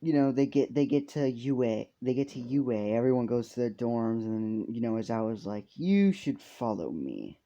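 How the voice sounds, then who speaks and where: A young man improvising a story out loud, rambling with constant fillers and casual swearing. His voice is mellow and dark. The recording is dull and lo-fi. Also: medium pitch, little pitch movement, a little fast, few pauses.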